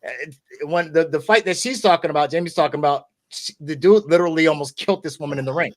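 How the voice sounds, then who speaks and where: Male podcast host from the US, slightly higher voice, casual talk full of restarts and check-ins. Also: fast talker. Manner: conversational, repeats and restarts, frequent "okay?" asides.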